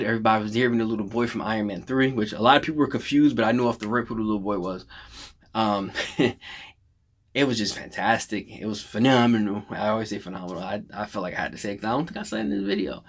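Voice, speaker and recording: A man with a slightly low voice gives an emotional, rambling reaction to a film he just saw. He retells scenes casually, full of fillers, restarts and self-corrections. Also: fairly bright tone. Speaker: movie reaction vlogger. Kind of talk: casual spoken movie reaction.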